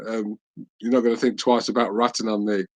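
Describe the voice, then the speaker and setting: A man hosting a podcast, telling stories in a halting way with many restarts. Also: lowish voice, flat delivery, low-quality recording. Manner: halting, full of fillers and restarts. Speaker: podcast host. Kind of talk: casual chat, storytelling.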